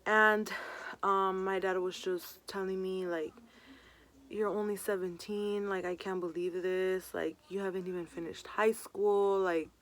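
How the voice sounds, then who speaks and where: A woman's voice: mid-range voice, steady tone, measured pace, fairly bright tone. A young woman vlogger telling a personal story in a casual storytime, full of "um" and "like". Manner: chatty, many fillers like "um" and "like".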